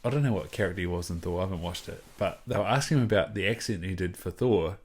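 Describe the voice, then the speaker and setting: A laid-back man with a New Zealand accent tells stories in a casual podcast chat. His voice sits a little low, and he laughs easily and drops the odd swear word. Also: fast talker, darkish tone, husky. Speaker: podcast guest.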